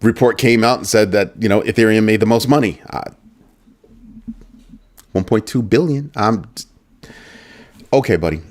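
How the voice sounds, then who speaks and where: Man, lowish voice, livestream host, casual commentary, joking banter, repeats "just saying". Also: moderate pace, pauses often. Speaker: host of a crypto news livestream.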